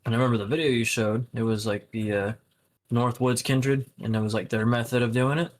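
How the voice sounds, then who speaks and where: This young man co-hosts a podcast, talking briskly in a steady, mid-range voice. His casual chat rambles along, packed with fillers and swearing.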